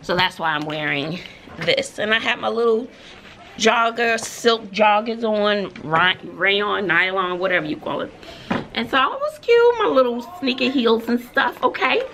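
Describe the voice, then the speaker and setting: A woman teacher with a Texas accent chats to her phone camera on her lunch break. Her voice is bright and forceful and swings widely in pitch as she tells her stories. A faint hum sits behind her. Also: a little slow. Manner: chatty, animated storytelling with sudden squeals. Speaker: teacher and vlogger. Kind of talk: casual vlog chat. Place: school classroom at lunch.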